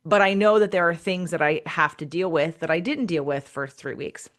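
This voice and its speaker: A woman's voice: fairly low pitch, moderate pace. Frank, blunt woman podcast host. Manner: frank and blunt, with casual swearing; acts out quoted voices. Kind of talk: casual podcast conversation.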